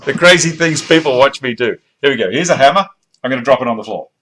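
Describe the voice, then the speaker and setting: A man's voice: mid-range voice, lively intonation, fast, very noisy. A middle-aged man, casually chatting on a woodworking live stream while reading out viewer comments. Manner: casual, chatty, laughs easily. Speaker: woodworking channel host.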